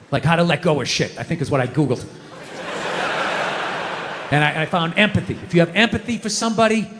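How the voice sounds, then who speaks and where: A man's voice: a little high, fairly bright tone, slight background noise. A middle-aged man doing stand-up comedy, ranting in an exasperated, profane way. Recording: live stage mic in a large hall. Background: audience laughter.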